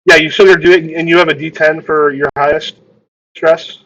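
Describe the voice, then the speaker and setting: Halting, higher-voiced male game master. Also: level tone, fairly bright tone, highs cut off. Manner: halting, repeats words while describing. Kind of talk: narrating a tabletop game.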